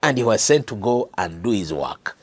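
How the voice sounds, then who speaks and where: A preacher with a Ugandan English accent teaches a Bible lesson as a sermon, earnestly repeating key phrases for emphasis and calling listeners brother and sister. His voice is lowish and very animated at normal speed, in a dry recording.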